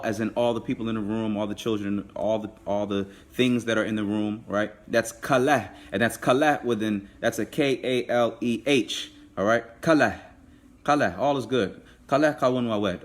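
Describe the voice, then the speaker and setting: Patient man teaching a language class. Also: fairly low pitch. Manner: patient, repeats and drills words slowly. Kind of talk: live online language class.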